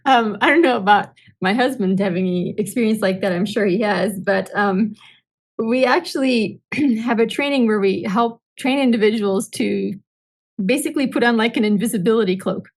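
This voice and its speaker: A woman's voice: medium pitch, normal speed, poor audio. A woman guest on a podcast, telling anecdotes animatedly and acting out bits of dialogue. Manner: animated storyteller, acts out dialogue. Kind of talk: casual conversational interview.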